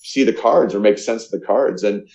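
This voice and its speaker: Earnest, halting man in an echoey room. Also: lowish voice, gravelly, a little mellow, slight background noise. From Canada. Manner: halting, earnest, many fillers and restarts. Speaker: guest, charity founder. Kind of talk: emotional storytelling in a podcast interview. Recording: echoey, muffled lo-fi sound.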